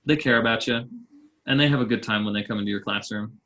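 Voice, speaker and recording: Animated man telling a classroom story. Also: on the low side, quick pace. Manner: animated storyteller, laughs often, acts out quotes. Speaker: guest, teacher. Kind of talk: casual interview storytelling.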